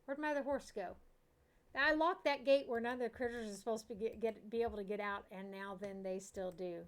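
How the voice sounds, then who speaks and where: This is casual live-stream chat from a middle-aged woman playing a farm sim. Her voice is fairly high and a little fast as she laughs frequently, talks with viewers and addresses the game's animals.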